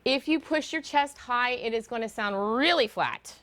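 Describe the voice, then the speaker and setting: A woman teaching singers about vocal muscles and intonation in a lively lecture, now and then singing short demonstration notes. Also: fairly high pitch, normal speed, noisy background. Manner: animated, demonstrates sung notes. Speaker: guest voice teacher. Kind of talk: lecture to a choir.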